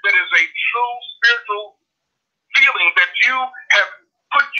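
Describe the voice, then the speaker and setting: A man's voice: high voice, measured pace, bright, forceful tone. A young man holding forth in a preachy, impassioned way during a casual chat. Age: young adult. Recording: dull lo-fi sound.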